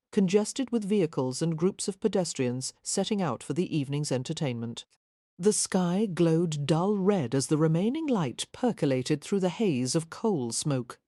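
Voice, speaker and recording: Female narrator, measured reading, mellow and low. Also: dry recording, studio quality. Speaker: audiobook narrator. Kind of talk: scripted narration.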